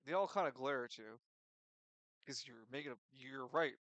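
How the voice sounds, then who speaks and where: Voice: medium pitch, moderate pace, fairly bright tone, no room sound. Blunt, swearing game master. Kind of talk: narrating a tabletop game.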